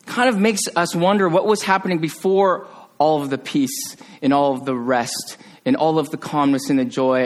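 A man preaching a conversational sermon as pastor, joking with the congregation and dropping to a hush on solemn phrases. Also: medium pitch. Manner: conversational, jokey, with restarts and sudden quiet hushed drops.

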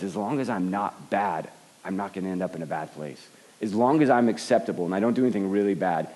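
A man preaches with a low voice and an earnest, searching manner. He often repeats the first word of a phrase as he finds his way into a thought. His voice carries a long reverb, as if heard in a large hall. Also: darkish tone. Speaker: pastor. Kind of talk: sermon.

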